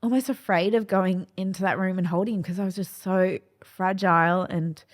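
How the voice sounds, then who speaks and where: A woman's voice: lowish voice, fairly even intonation, normal speed. A woman, a podcast guest, telling a candid and emotional personal story and acting out the voices of the people in it. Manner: emotional, acts out quoted dialogue. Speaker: podcast guest, clinical nutritionist.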